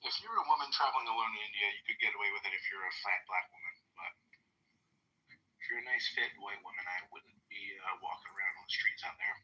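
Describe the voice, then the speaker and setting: A low-pitched man with a very bright, sharp tone talks bluntly and crudely in a casual podcast chat. His voice comes through dull and lo-fi. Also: fast talker.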